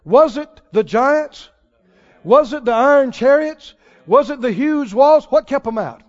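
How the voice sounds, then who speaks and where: A man preaching a sermon, swinging from loud declarations to hushed, quiet lines. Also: very high-pitched, expressive, unhurried, big-room sound. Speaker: pastor. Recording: dull lo-fi sermon recording.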